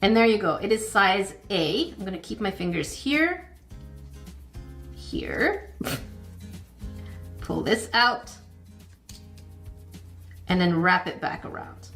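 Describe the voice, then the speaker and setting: A woman hosting her own channel, talking through a craft kit review as she works with her hands, chatty and self-encouraging, easily flustered into quick exclamations. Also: mid-range voice, lively intonation, fairly bright tone, faint music behind.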